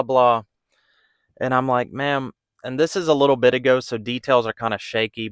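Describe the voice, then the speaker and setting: A man's voice: fairly low pitch, fairly bright tone, smooth, no room sound, clean studio sound. A man who runs a pressure washing business telling a story in a candid, casual way, acting out the back-and-forth in his own voice. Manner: candid, conversational, acts out quoted dialogue.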